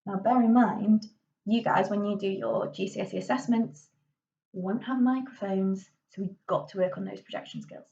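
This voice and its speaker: A woman's voice: medium pitch, moderate pace, mellow. Brief: young woman drama teacher, casual tutorial patter, recorded a little off-mic and dull. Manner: chatty, many fillers and "okay"s, gestural. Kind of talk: classroom tutorial. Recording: dull, slightly distant lo-fi recording.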